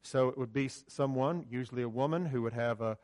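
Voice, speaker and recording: A man preaching a sermon in a church, conversational, alternating loud emphasis with quiet asides and giving cues to the slide operator. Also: mid-range voice, fairly quick. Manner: directs the slide operator mid-talk. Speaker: pastor. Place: church sanctuary with a screen.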